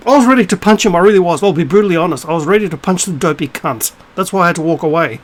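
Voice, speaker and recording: The voice sits high and comes rapid-fire with hardly any pauses as a middle-aged spiritual vlogger rants casually and scornfully at the camera, cursing freely. A little hiss or hum runs through the rough recording.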